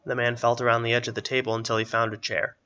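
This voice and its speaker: Bright-voiced man reading a story. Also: medium pitch, monotone, fast, clean tone, muffled recording. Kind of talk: reading a fantasy story aloud.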